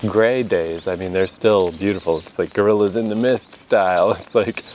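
A man's voice: low voice, normal speed, darkish tone, a little hiss or hum. A Canadian man talking casually to his camera outdoors in the rain, laughing often and swearing now and then. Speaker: vlogger. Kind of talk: casual vlog monologue.

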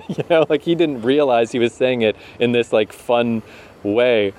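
A young Canadian man co-hosting a podcast in casual chat, animated and quick to laugh. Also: mid-range voice. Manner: animated, laughs often, slows down to make a point. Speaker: podcast co-host.

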